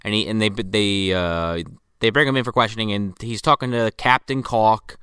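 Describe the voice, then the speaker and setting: A man's voice: lowish voice, fairly even intonation, normal speed, fairly bright tone, clear, resonant tone, dry recording, studio quality. A man co-hosting a podcast, recapping a movie's plot in a laid-back, profane way. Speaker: podcast co-host. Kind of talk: casual movie-riffing chat.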